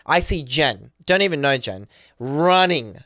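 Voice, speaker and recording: A man, a podcast guest, telling a story with excitement, acting out the people he quotes, with many fillers. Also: fairly high pitch, unhurried, no echo, clean studio sound. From Australia. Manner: acts out the voices of people he quotes. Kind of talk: animated storytelling.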